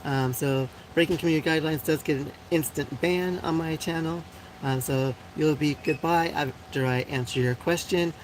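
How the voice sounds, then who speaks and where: This is a live show host from Puerto Rico, a woman in her forties, talking casually with viewers on a stream. She responds bluntly to comments, uses plenty of fillers, and laughs a lot, her low voice at a normal speed in a rough recording with a little hiss or hum.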